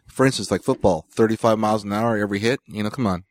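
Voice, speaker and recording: A man's voice: fairly low pitch, quick pace, dry recording. A man on a movie review podcast, talking hesitantly with repeated words and fillers. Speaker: podcast co-host. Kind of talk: casual movie review chat.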